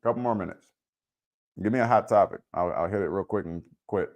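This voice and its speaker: A man from Wisconsin hosts a casual livestream, chatting in a laid-back, informal way with viewers, answering their comments and using lots of fillers. His voice is low and darkish, a little fast, and the sound is lo-fi.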